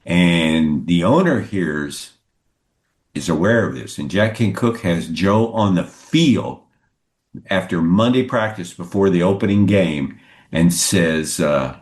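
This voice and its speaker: An older man, a guest sportswriter, telling anecdotes in a lively conversational way and acting out what others said. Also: slow. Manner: lively storyteller who acts out quotes with pitch jumps. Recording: roomy echoey sound.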